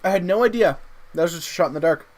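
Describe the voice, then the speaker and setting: A young man, chatting casually and haltingly with viewers while drawing on a livestream. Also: a little high. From Canada. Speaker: streamer drawing live.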